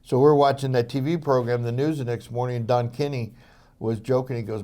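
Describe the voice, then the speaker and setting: A man's voice: medium pitch, fairly even intonation, normal speed, mellow. Older man telling rambling stories. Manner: rambling anecdotal, many fillers and restarts. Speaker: interview guest, former police officer. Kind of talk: storytelling interview.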